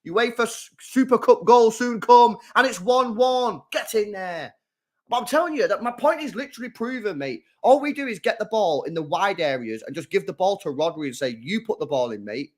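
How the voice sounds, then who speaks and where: Excitable high-voiced man streaming football. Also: normal speed. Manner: excitable fan, swings from loud shouts to low mutters. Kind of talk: live football watchalong commentary.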